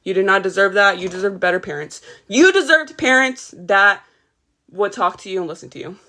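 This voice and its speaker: A woman's voice: mid-range voice, fairly quick, sharp tone. A woman hosting a livestream, tired but heated as she rants emphatically and keeps greeting her chat. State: a little tired. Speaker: livestream host. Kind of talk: casual ranting livestream.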